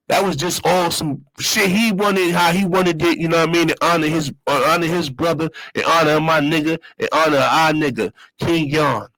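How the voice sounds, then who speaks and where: A man's voice: fairly high pitch, pushed and bright, no room sound, low-quality recording. A man hosting his own show, telling a loose, slang-heavy story in a casual monologue and repeating his phrases. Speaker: show host.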